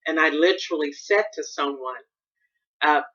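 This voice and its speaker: A woman's voice: sits low, normal speed, fairly bright tone, muffled recording. A middle-aged woman from Chicago, hosting a reflective personal monologue in a thoughtful, searching way with restarts and stressed words. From Chicago, USA. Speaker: podcast host.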